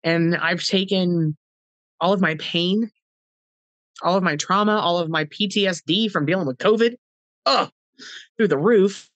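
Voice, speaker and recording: A woman's voice: on the low side, unhurried, long pauses, no room sound, highs cut off. A middle-aged woman, a podcast guest, telling a personal story with heartfelt earnestness, acting out past conversations in quoted dialogue.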